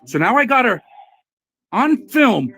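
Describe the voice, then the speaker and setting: A man argues loudly and combatively while filming inside a post office. His voice sits high and swings widely in pitch as he repeats himself and talks over everyone. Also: sing-song, unhurried, husky. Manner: loud, combative, talks over others, lots of repetition. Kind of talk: heated argument while filming. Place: indoors at a post office counter.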